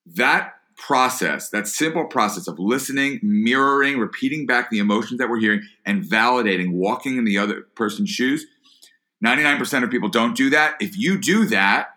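A man's voice: mid-range voice, lively intonation, brisk, pushed and bright. A man being interviewed about leadership and listening, talking earnestly and often repeating words as he starts a phrase. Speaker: guest, entrepreneur and author. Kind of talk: podcast interview answer.

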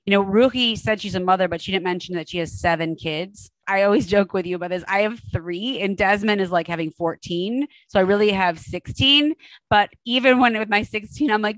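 A woman's voice: mid-range voice, a little fast, fairly bright tone, no echo, rough recording. A middle-aged woman hosting a podcast interview, enthusiastic and affirming in a conversational way. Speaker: podcast host.

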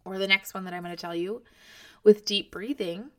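With a medium-pitched, pushed, bright voice and a fairly quick delivery, this podcast host in her thirties gives a casual motivational talk to fellow moms. She's chatty and encouraging and addresses the listener directly.

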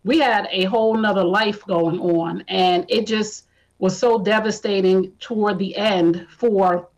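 A woman's voice: medium pitch, steady tone, unhurried, poor audio. A woman guest on a podcast giving a candid, reflective account of her own past.

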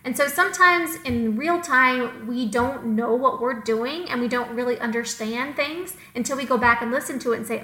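A woman's voice: a little high, moderate pace, hardly any pauses, sharp tone, roomy sound, rough recording. A woman co-hosting an advice podcast, upbeat and emphatic, repeating words for stress. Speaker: podcast co-host.

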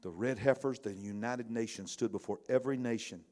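Man preaching with loud and hushed swings. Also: medium pitch, fairly quick. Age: middle-aged. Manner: conversational preaching, swings between loud bursts and hushed asides. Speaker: pastor. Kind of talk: sermon.

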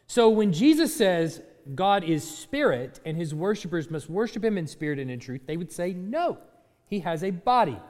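A man teaching a class, speaking in an animated way, chuckling often and restarting his sentences. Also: high voice, moderate pace. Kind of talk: class lecture. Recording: hall reverb.

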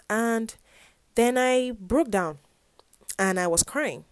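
A woman's voice: a little high, normal speed, no echo. A young woman in her twenties, a university student, talking earnestly and reflectively about her faith in a casual vlog, rambling with lots of "like" and "whatnot". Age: young adult. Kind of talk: personal faith vlog, casual confessional talk.

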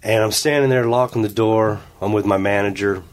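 In an office conference room, a man from Ohio, USA, chats casually as a guest and tells a story. His voice is lowish and brisk, and he animatedly acts out what people said.

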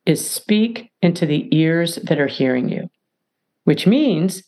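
A woman guest on a podcast talks emphatically, acting out snippets of conversation to make her point. Her voice sits fairly low but swoops widely as she talks. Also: takes it slowly. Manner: animated, emphatic, acts out little dialogues. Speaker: guest, author and mediator. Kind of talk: podcast interview.

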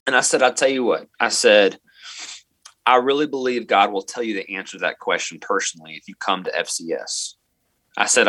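Forceful, bright-voiced man telling a story. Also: fairly low pitch, dry recording. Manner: earnest, quoting himself and others as he tells it. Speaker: middle school teacher, interview guest. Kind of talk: personal story in a podcast interview.

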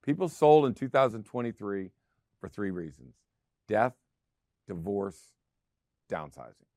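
A man's voice: lowish voice, sing-song, a little slow, darkish tone, no echo, studio quality. A middle-aged man hosting a real estate show, talking casually and driving his points home with emphatic repetition. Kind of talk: casual talk show monologue.

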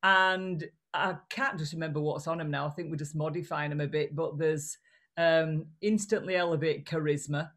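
A woman's voice: low-pitched, moderate pace. Blunt, chatty woman with a regional British accent. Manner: animated, blunt, chatty with restarts. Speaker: guest, voice and communication coach. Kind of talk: casual remote interview.

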